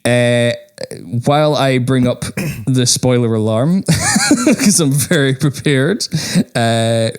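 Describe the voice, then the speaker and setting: A man's voice: mid-range voice, huge pitch swings, slow. A man hosting a casual movie podcast, rambling and laughing often as he talks. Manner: giggly, rambling. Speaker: podcast host. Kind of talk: casual chat.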